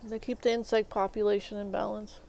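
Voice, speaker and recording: A woman's voice: medium pitch, level tone, brisk, vocal fry, a little mellow, dull audio. A woman streamer giving casual gameplay commentary, venting in exasperation and restarting her words as she talks. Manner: exasperated venting, stammering restarts, mild swearing.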